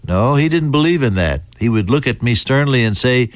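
American male Bible teacher, mid-pitched, deliberate delivery with restarts, dry close sound. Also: big pitch swings, no room sound. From United States. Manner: deliberate, halting, with fillers and restarts. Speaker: preacher.

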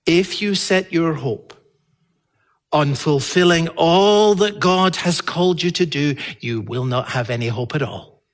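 A male pastor preaching a sermon in an earnest way, building to emphatic peaks and dropping low again. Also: measured pace.

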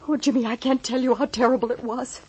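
A woman's voice: fairly high pitch, fairly even intonation, fast talker, a little mellow, breathy edge. An actress playing a frightened young woman in a radio drama, injured and confined to bed, talking in a breathless, pleading way that keeps tipping into tears. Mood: shaken. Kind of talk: 1930s radio drama acting.

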